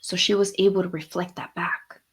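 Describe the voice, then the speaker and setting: A woman's voice: lowish voice, little pitch movement, brisk, slightly rough. A woman co-hosting a heartfelt podcast conversation, talking reflectively and retelling stories in quoted dialogue. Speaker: podcast co-host.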